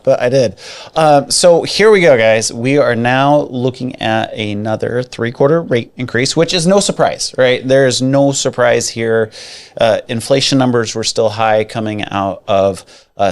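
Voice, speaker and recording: Playful, jokey male mortgage co-host. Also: medium pitch. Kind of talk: casual podcast chat.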